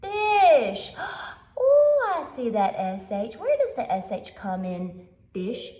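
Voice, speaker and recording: Animated woman teaching phonics, echoey classroom. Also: a little high, takes it slowly. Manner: animated, playful and exaggerated, gasping and acting surprised. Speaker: kindergarten teacher. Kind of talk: phonics lesson to young children. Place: empty classroom.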